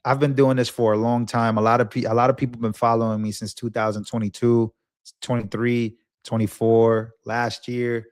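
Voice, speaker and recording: An earnest young man hosts a live stream, rambling and circling back over his own words. His voice sits at an ordinary pitch for a man. The sound is close and dry, with no room around it. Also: flat delivery, moderate pace, no room sound. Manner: earnest, rambling, repeats himself. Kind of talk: emotional live-stream talk.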